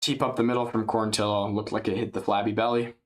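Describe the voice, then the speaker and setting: A man giving casual, rambling live play-by-play commentary on a fight, chatty and jumping up in excitement at big strikes. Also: lowish voice, fast. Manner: drowsy and yawning at times.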